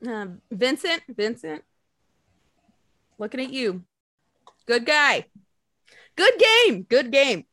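A woman co-hosting a casual chat, telling lively stories, swearing freely and acting out quotes. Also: high-pitched, slow, pauses often, dry recording, studio quality. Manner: animated storytelling, swears freely, acts out quotes. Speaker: podcast co-host.

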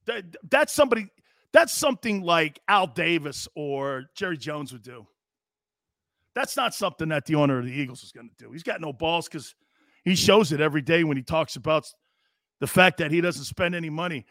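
A man's voice: fairly high pitch, expressive, normal speed, fairly bright tone, no room sound, studio quality. A man hosting a live sports talk show, ranting in a blunt, profane, repetitive and heated way.

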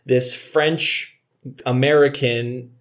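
A man's voice: mid-range voice, steady tone, extremely slow. A man co-hosting a casual comedic movie review chat, laughing often and joking in mock courtroom banter. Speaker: podcast co-host.

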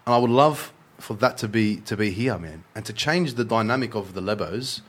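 A man with an Australian accent telling animated stories in a casual chat and swearing freely. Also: on the low side, fairly quick, slightly rough.

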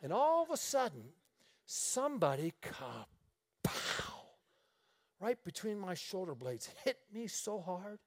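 A middle-aged man preaching, telling lively stories and laughing his way through them. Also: sits high, takes it slowly. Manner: animated storyteller, laughing through his anecdotes. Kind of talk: storytelling sermon.

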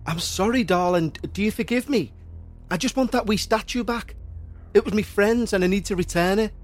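A man voicing an adult father who pleads through a door, then shouts in rage. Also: high voice, moderate pace, soft background music, voice pushed up, natural voice. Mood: pleading.

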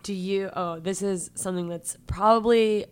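A woman's voice: medium pitch, steady tone, moderate pace, smooth. A woman hosting a casual interview chat, laughing often and acting out quotes from other people. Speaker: podcast host.

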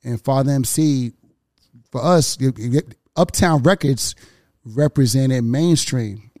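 A man, hosting a casual chat and telling animated, profane stories full of repeats. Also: mid-range voice, slow pace, no echo, clean studio sound. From Houston, Texas.

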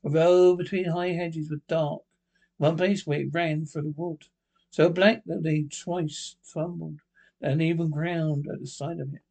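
A man narrating a ghost story, steady and plain, his voice sitting a bit high for a man. He reads through the text and stumbles on a word now and then. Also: unhurried, vocal fry. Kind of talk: reading a ghost story aloud.

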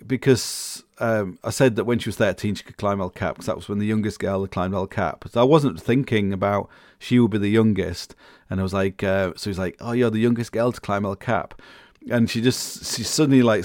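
Middle-aged man, rambling podcast host, lowish voice, dry close sound, lots of restarts. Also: brisk, no echo. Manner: rambling, many restarts and fillers, chuckles often. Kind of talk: casual rambling monologue.

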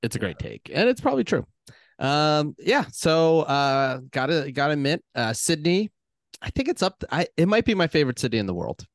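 A man co-hosting a podcast in casual chat, talking in halting bursts with many fillers. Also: a little high, big pitch swings, no room sound, studio quality. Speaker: podcast co-host.

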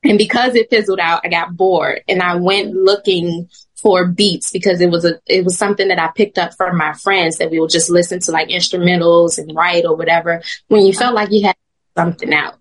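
Animated woman giving faith testimony. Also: lowish voice, fairly quick. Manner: animated storytelling, laughs often. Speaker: podcast guest.

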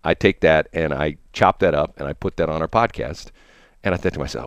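Deep-voiced middle-aged male radio host. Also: fairly quick, clean tone, no room sound, studio quality. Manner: rambling, anecdotal, many fillers. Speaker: radio morning show host. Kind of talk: casual on-air chat and storytelling. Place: radio studio.

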